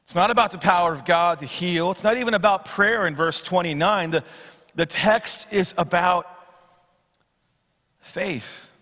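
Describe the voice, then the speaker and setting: Pastor, high bright man's voice, swings loud to soft while preaching, big church reverb. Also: a little slow. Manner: expository preaching, acts out Bible quotes, swings from loud to hushed. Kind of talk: sermon. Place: church sanctuary. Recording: long church hall reverb.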